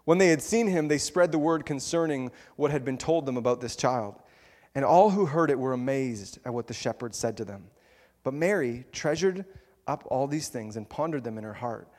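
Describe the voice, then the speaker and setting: A man preaching a sermon as pastor, telling the story in a playful, animated way with frequent laughter. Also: medium pitch, moderate pace. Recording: long hall reverb.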